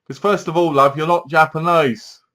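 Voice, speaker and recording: A man's voice: fairly high pitch, steady tone, moderate pace, bright, forceful tone. A man giving a casual, rambling film review and acting out the characters' lines as he retells the plot.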